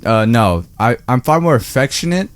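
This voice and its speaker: A man's voice: medium pitch, lively intonation, normal speed, no room sound. A young man co-hosting a casual podcast. He speaks reflectively and hesitantly, with frequent "you know"s and restarts. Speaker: podcast co-host.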